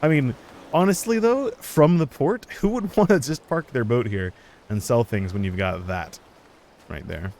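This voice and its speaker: A man's voice: mid-range voice, expressive, moderate pace, a little mellow. Chatty man streaming a game. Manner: chuckling, chatty, thinks aloud. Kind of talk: casual gameplay commentary.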